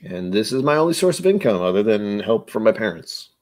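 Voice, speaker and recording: Brisk and lowish-voiced, with big pitch swings and a darkish tone, a U.S. man in his forties runs a laid-back livestream chat. He rambles, cracks jokes, and chuckles often.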